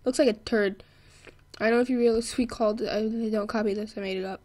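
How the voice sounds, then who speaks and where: A young woman giving excitable gameplay commentary, laughing and yelling at the game as she plays. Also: a little high, fast. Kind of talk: let's play commentary.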